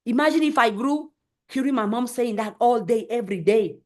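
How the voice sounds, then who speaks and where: Emphatic high-voiced woman giving a pep talk. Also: brisk. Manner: emphatic, repeats phrases for effect; acts out voices in quotes. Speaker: live stream host. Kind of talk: motivational live stream talk.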